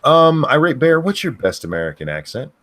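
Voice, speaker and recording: A man hosting a live stream, reading out chat questions and answering bluntly in a casual, halting way full of fillers and restarts. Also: on the high side, very animated, a bit bright.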